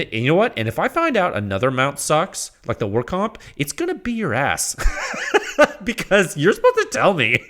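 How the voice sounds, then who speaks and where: A podcast host with a mid-range, fairly bright voice delivers a casual, rambling monologue. It is full of exasperated rants, frequent laughter and quoted asides.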